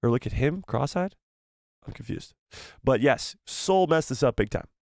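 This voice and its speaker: A man's voice: mid-range voice, moderate pace, dry recording. A young man talks to his live chat with playful energy, teasing viewers and tripping over the messages he reads out. His voice sits in a middle register. The sound is dry and close, with no room around it. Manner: animated and playful, teasing the chat, stumbles when reading aloud. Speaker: live stream host reading viewer donations. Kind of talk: casual live stream chat.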